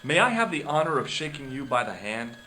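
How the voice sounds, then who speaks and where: An actor playing a wry young adventurer posing as a doctor, asking questions and narrating in a dry tone. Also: male voice, medium pitch, sing-song, a little fast, pushed and bright, a little hiss or hum. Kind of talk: video game voice acting.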